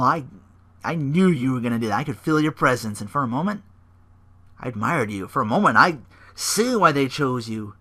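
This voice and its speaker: A man's voice: a little high, pushed and bright. A man voicing an eerie male wrestler who preaches menacing, theatrical threats. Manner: theatrical, sermon-like menace, sudden cackles.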